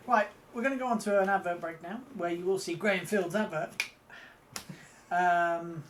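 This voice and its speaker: A man's voice: sits high, moderate pace, fairly bright tone, slight background noise. A man co-hosting a live stream in a casual, chatty way, self-mocking and stumbling over his reading. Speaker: co-host of a motorbike live stream.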